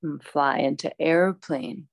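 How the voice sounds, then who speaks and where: A woman teaching a yoga class, calmly cueing poses and breaths with chatty asides. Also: sits low, takes it slowly, no room sound. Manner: calm, instructive, chatty asides.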